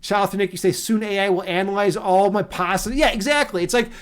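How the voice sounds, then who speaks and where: Guy with a high voice rambling to his chat on stream, swears a bunch, keeps restarting. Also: fairly quick, clean tone. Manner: loose and profane, rambling with restarts and laughs. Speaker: livestreamer and meditation teacher. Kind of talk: casual livestream chat reading viewer comments.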